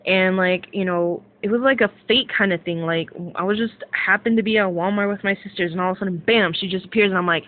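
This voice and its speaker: A young woman ranting casually to camera as a vlogger, rambling with lots of fillers and swearing excitedly. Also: medium pitch, fast talker, hardly any pauses. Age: young adult. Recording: tinny phone-like sound.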